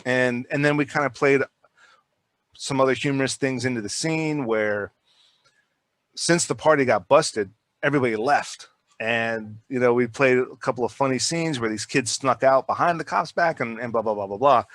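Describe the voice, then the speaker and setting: A man, a filmmaker guest, telling stories in a casual podcast chat, rambling and animated, with frequent restarts and repeated words. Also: medium pitch, moderate pace, no room sound.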